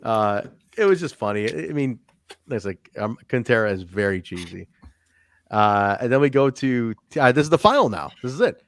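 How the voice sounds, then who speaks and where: Here a man with a mid-range voice and big pitch swings hosts a podcast at a moderate pace, with no room sound. It's a laid-back review chat where he jokes around and swears plenty.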